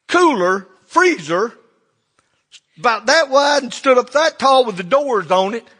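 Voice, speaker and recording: A man's voice: very high-pitched, fairly bright tone. An older man, a pastor telling folksy stories in a sermon and acting out the dialogue. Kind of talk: sermon storytelling.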